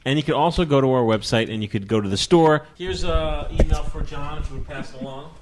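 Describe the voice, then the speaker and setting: A man's voice: a little high, fast talker. A man hosting a podcast, reading out the site and passing along listener letters in casual chat. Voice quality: plugs the show and hands over letters. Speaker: podcast host.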